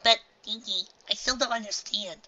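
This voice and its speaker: A woman's voice: mid-range voice, normal speed, sharp tone, pitched above the performer's own voice. A woman voicing a scatterbrained, caring mother mare from a storybook, talking in a flustered, caring way. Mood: concerned. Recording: dull lo-fi home recording.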